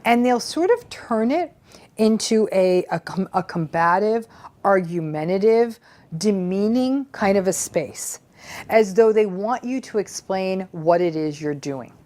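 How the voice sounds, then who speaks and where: A woman's voice: mid-range voice, lively intonation, measured pace, a little mellow. A woman psychologist giving a conversational educational talk, earnest and explanatory, sometimes acting out quoted voices.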